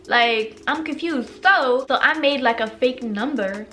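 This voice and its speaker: Lively, high-voiced young woman telling stories. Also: measured pace, hardly any pauses, soft background music. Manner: animated, profane, acts out quoted lines. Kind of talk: casual storytime monologue.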